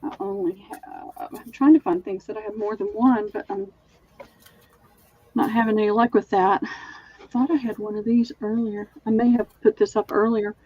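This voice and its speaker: A woman's voice: mid-range voice, fairly even intonation, moderate pace, warm tone, husky, dull audio. A woman with a Southern accent hosting a live online sale, chatting as she describes linens in detail. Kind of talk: live-stream selling chat.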